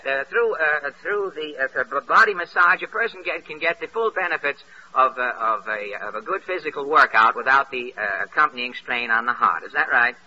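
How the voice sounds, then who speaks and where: A man hosting a radio comedy show, interviewing guests with wry, dry wisecracks and halting uh's, heard on a dull old radio broadcast. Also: mid-range voice, expressive, pushed and bright, a little hiss or hum.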